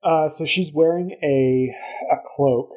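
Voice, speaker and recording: A man narrating a tabletop game as game master, in a relaxed way with fillers. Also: on the high side, slow, low-quality recording.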